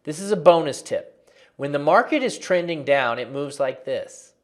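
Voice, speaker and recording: A man walking viewers through trading charts in a lively, conversational lesson, often repeating phrases for emphasis. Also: on the high side, moderate pace. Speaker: trading educator.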